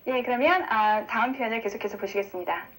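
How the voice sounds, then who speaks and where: Rapid-fire woman hosting a language lesson. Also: fairly high pitch, a bit bright, poor audio. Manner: brisk, explanatory, switches between languages. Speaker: English lesson host.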